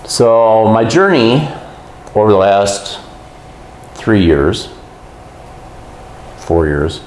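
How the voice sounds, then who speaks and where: Man guest, very low voice, animated storyteller; roomy echo. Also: drawn-out words, a little hiss or hum. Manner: animated storyteller who acts out quotes. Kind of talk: casual storytelling.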